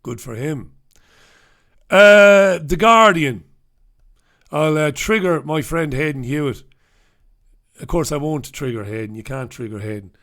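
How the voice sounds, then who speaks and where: A man's voice: on the high side, animated, measured pace, pauses often, fairly bright tone. A man hosting a casual newspaper review, chatty and irreverent, swearing and laughing at his own jokes. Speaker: host.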